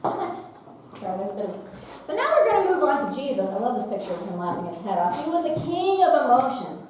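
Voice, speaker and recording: High-voiced playful woman in echoing hall. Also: big pitch swings, a little fast, a little mellow, recorded from a distance. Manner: playful, humorous, reads quotes with dramatic flair. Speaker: workshop speaker. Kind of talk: youth workshop talk. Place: large echoing meeting room. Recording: very echoey hall, off-mic, faint hiss.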